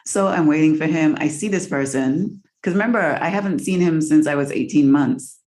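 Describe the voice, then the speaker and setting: Woman on a podcast telling her story, candid and a bit wry, low warm voice. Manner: candid, wry, slows down for emphasis. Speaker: podcast co-host. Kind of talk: casual storytelling chat.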